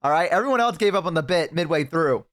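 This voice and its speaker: A man's voice: fairly high pitch, quick pace. A young man streaming live, chatting casually with a guest and his chat, telling stories with acted-out voices. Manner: animated storyteller, mimics voices.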